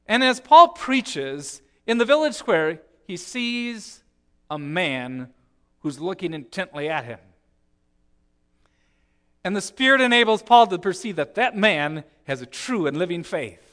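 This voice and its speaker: A man preaching a sermon, telling the story with swings from hushed, slow lines to emphatic ones. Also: high-pitched, big pitch swings.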